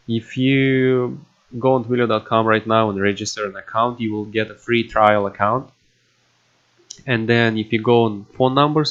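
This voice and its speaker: A man at his computer walking through a coding tutorial, halting and filling pauses with "you know" and "um". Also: on the low side, fairly bright tone. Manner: halting, with many fillers and restarts. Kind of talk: casual screen-recorded coding tutorial. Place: at a computer indoors. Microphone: desktop microphone. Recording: dull lo-fi desk mic.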